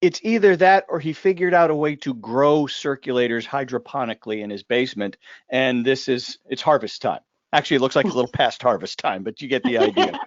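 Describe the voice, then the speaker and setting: A man's voice: mid-range voice, a little fast, no echo, lo-fi sound. A man hosting a casual live discussion, talking in a joking, rambling way full of asides and restarts. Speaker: host.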